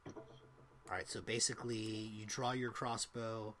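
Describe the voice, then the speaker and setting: A man narrating as game master of a tabletop game, relaxed, with many fillers. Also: on the low side, takes it slowly, slight background noise.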